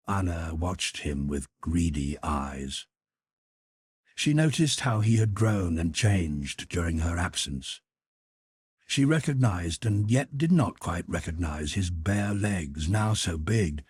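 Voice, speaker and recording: A man narrating a classic novel as an audiobook in a measured, expressive reading. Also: sits low, breathy edge, no room sound, studio quality. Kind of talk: scripted narration.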